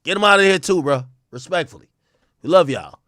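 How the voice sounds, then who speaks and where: A man hosting a casual livestream talks in a loose, profane way, and his pitch swings widely. His voice sits a little high for a man and jumps up for sudden loud outbursts. The sound is close and dry, with no room around it. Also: expressive, a little fast, no room sound. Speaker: livestream host.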